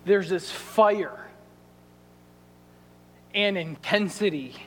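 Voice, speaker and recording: A man preaching a sermon as pastor, telling a story in a lively way and acting out the people in it with quoted lines. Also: high-pitched. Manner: animated storytelling with quoted asides. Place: church sanctuary. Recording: reverberant church sanctuary.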